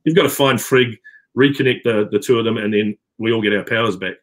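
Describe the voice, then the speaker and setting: A man's voice: on the low side, fast. A middle-aged man with a New Zealand accent, talking casually on a video call with many fillers and restarts. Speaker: actor guest. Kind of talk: casual interview chat.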